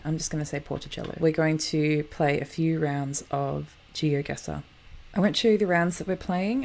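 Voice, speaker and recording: A woman's voice: deep voice, vocal fry, darkish tone. A woman hosting a geography show, chatting casually over map footage and often correcting herself.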